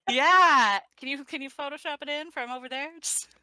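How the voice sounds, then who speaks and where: Woman host, bright dry close voice, playful and giggly, chatty stream sign-off. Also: high voice, steady tone, fast talker, dry recording, poor audio. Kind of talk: casual chat.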